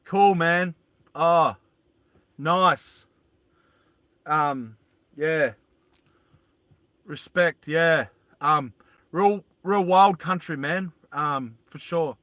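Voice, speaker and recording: An Australian man talks casually to a live audience from inside a small van, wandering between thoughts and calling out greetings to viewers. His voice sits a little high and sounds bright and forceful. The sound is close and dry. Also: very slow, pauses often, no room sound. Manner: rambling, greets viewers and answers chat aloud. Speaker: live streamer. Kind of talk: casual livestream chat.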